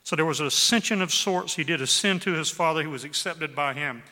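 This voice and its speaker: A man delivers a sermon in a bright, forceful, slightly high voice. He reads scripture with heavy emphasis and draws out the key words. His voice rings through a large church hall with a long echo. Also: a little fast. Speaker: pastor.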